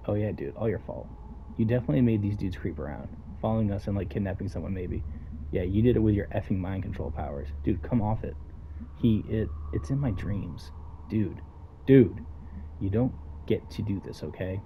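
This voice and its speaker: A man with a fairly low voice reads a story game's dialogue aloud during a let's play, voicing each character in turn. He speaks in a casual, offhand manner. The recording is a little dull and lo-fi, with faint noise underneath. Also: a little fast. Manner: casual, reads every character's lines himself. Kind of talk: reading game dialogue aloud.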